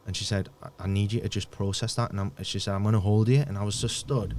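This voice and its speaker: A man, a podcast guest, telling a painful personal story in a halting way, often repeating words and dropping almost to a murmur. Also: fairly low pitch, flat delivery, a little mellow, a little hiss or hum.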